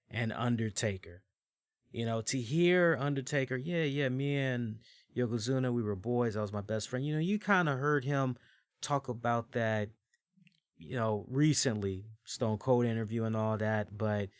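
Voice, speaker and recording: A man in his forties hosting a podcast, telling stories in casual, animated commentary, with swearing and frequent fillers. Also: mid-range voice, no echo, clean studio sound. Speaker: podcast host. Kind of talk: casual wrestling review commentary.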